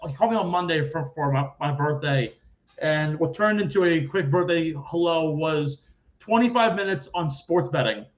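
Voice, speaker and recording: A young man with a notably high voice hosts a casual sports podcast. He tells stories in a chatty way, swears freely, and comes through a dull, lo-fi mic. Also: a bit bright. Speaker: podcast host.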